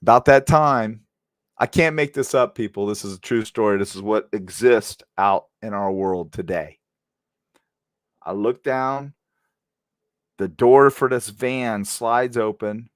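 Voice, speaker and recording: Low-voiced middle-aged man telling a story. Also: unhurried. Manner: animated anecdote-telling, addresses viewers directly. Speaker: host, former police officer. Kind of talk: casual storytelling.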